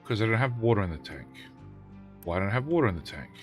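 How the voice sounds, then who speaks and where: A man's voice: fairly low pitch, big pitch swings, fast talker, faint music behind. A middle-aged man, live-streaming a game, bossing his in-game units about and bantering loosely with chat. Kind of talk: live gameplay stream, chatting with viewers.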